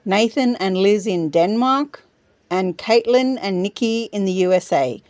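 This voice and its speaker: A woman's voice: mid-range voice, lively intonation, a little slow, darkish tone, no room sound. A woman podcast host reading her own travel story aloud with wry humor.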